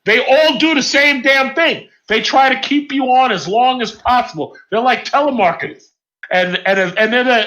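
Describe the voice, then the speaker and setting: A man's voice: high voice, brisk, sharp tone. A man in a casual group voice chat, talking bluntly and emphatically and repeating his points. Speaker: voice chat participant. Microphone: online voice chat mic. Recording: muffled lo-fi voice chat audio.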